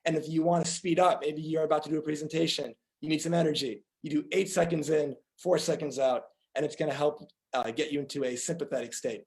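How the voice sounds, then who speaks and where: A man's voice: fairly high pitch, fairly even intonation, fast, few pauses, a little mellow, low-quality recording. A man, a doctor, giving a conference talk, earnestly telling patient stories and acting out their dialogue.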